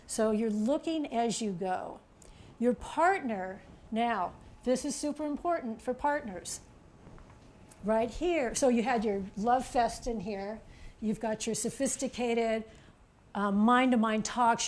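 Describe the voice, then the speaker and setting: Chatty woman speaker, fairly high voice. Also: slow pace. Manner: chatty, animated, points at a chart, frequent "okay?". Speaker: author giving a public talk. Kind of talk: casual presentation to an audience.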